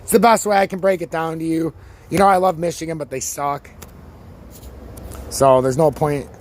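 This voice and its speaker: A man with a slightly high, worn-out voice rants through a breakdown of crypto charts as host of his own channel, speaking at normal speed. It's casual, profane market commentary: he swears freely and throws in animated sports analogies, loose and fired up.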